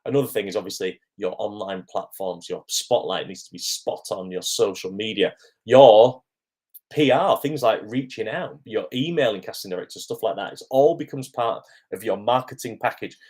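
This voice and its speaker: A man's voice: fairly low pitch, moderate pace, darkish tone, slightly rough. A man, an acting coach answering viewers' questions on a live stream in a friendly, chatty way with frequent ums.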